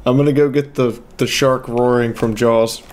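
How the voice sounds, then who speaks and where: A man's voice: medium pitch, steady tone, normal speed, darkish tone. A man hosting his channel while playing, cracking jokes and making asides to the viewers. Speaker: channel host and player. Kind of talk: casual chat.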